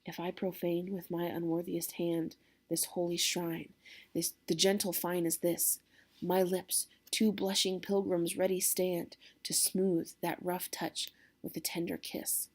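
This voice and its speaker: A woman reading as a hushed, lovestruck young man. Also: lowish voice, flat delivery, measured pace, breathy edge. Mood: tender. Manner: hushed, half-whispered reading. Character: smitten young man, tender and soft-spoken.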